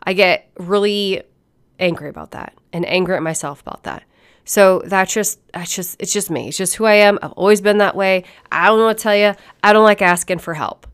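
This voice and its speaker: A woman's voice: medium pitch, fairly quick, smooth. Blunt, profane woman telling a story. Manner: blunt and profane, laughs often. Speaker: fitness and nutrition coach. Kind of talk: casual storytelling monologue.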